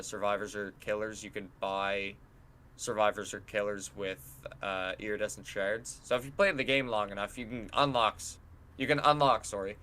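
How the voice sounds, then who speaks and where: A young man co-hosting a casual podcast, telling animated stories, acting out quotes and swearing freely. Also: on the low side. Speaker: podcast co-host and streamer. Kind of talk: casual chat.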